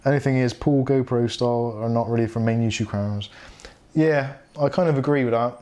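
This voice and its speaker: A man's voice: medium pitch, a little fast, dark tone. A middle-aged man hosting a casual live tech chat stream, reading viewer comments aloud and laughing often.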